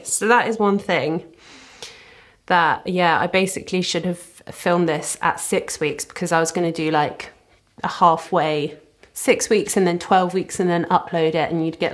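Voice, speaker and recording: Young woman, lowish voice, chatty, rambling, self-deprecating vlog talk. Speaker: vlogger. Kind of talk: casual chat to camera. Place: living room at the front of a house. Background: traffic outside.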